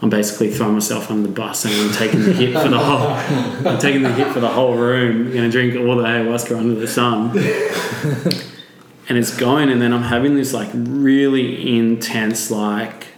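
A man's voice: mid-range voice, steady tone, moderate pace, a crowd in the background. A man being interviewed as a podcast guest, telling a vivid personal story and swearing freely. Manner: vivid, swearing, acts out quotes. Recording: echoey room.

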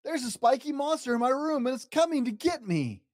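Dad doing a tiny scared bear cub, squeaky high and pleading, storybook voice. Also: male voice, sing-song, brisk, a little mellow, dry recording, studio quality. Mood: frightened. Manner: high, pleading, panicky cries. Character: small scared young male bear cub.

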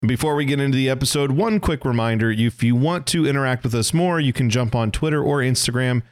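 A man in his thirties hosting a casual podcast from a basement, chatty and joking. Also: mid-range voice. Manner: chatty, joking, quick asides. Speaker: podcast host.

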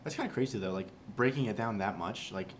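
A young man co-hosting a casual podcast, an excitable storyteller who acts out quoted dialogue. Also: fairly low pitch, quick pace, a little hiss or hum. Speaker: podcast co-host. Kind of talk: casual chat.

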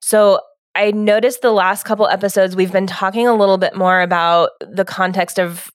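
A woman's voice: medium pitch, fairly even intonation, moderate pace, no room sound, studio quality. A woman co-hosting a relationship podcast, talking in a reflective, casual way and often saying "like". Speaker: podcast co-host. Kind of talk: casual relationship advice talk.

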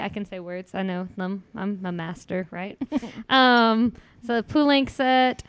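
A woman's voice: medium pitch, fairly even intonation, slow pace, clear, resonant tone, no room sound. A young woman co-hosting a casual podcast, chatting playfully and laughing often with friends. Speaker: podcast co-host, singer. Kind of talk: casual group chat.

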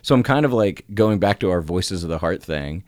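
A middle-aged man co-hosting a casual church podcast, telling stories with frequent laughter and jumping into a high voice when he acts out quotes. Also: expressive, normal speed, darkish tone, no echo, studio quality. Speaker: podcast co-host.

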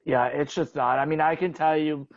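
A young man co-hosting a casual sports podcast, rambling in a relaxed way with lots of "like". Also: on the high side, moderate pace, no room sound, highs cut off. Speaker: podcast co-host.

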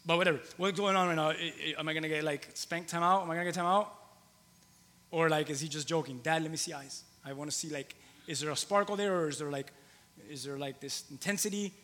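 A man's voice: on the high side, steady tone, quick pace, fairly bright tone, big-room sound. A man in his thirties preaching a conversational sermon in a church, repeating phrases for emphasis. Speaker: pastor. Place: church hall with long reverb.

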